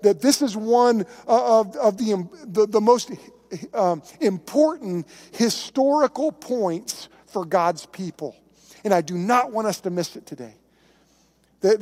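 Male pastor, high voice, casual storytelling sermon, long hall reverb. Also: a little mellow. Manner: conversational, emphatic preaching with storytelling.

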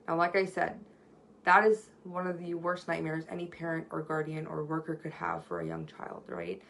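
Woman presenter, low gravelly voice, earnest conversational seminar style, faint street noise behind. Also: expressive, normal speed, fairly bright tone, low-quality recording. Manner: earnest, storytelling, frequent "right?" tag questions. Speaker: workshop presenter on communication. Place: at home near a street.

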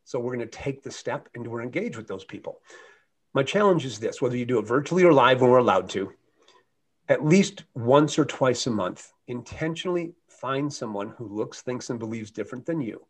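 Middle-aged american guy, husky voice, motivational speaker telling a story, earnest and animated. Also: mid-range voice, fairly quick. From United States. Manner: earnest, animated anecdote with shifting loudness. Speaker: guest speaker.

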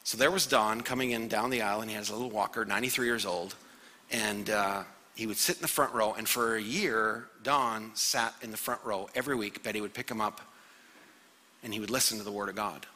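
Man, guest pastor, very bright tone, husky edge, animated sermon, hall reverb. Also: lowish voice, a little fast. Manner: animated preaching, acts out quoted voices. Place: church sanctuary.

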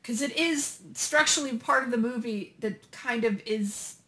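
A woman podcast co-host talks in an animated, deliberate way. Her voice sits a little high and sounds bright. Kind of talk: casual discussion.

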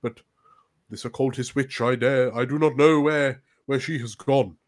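A man voicing a solemn male palace chef in a tabletop game, speaking in a halting, formal way. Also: medium pitch, steady tone, lightly acted. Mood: grave.

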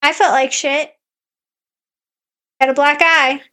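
A woman's voice: high voice, fairly even intonation, slow, pushed and bright. A woman podcast co-host in casual chat, animatedly telling a story and acting out her own quotes.

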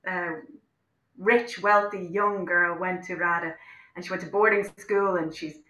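A woman's voice: on the low side, fairly even intonation, unhurried, pushed and bright, echoey room, rough recording. An Irish woman talking as an interview guest, outspoken and impassioned, often restarting her sentences. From Ireland. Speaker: interview guest, actor-director. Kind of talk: casual interview chat.

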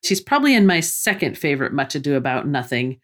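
A woman's voice: low voice, sing-song, fast talker. A woman co-hosting a podcast, chatting casually about films and laughing often. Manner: reads cast lists, laughs often. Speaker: podcast co-host.

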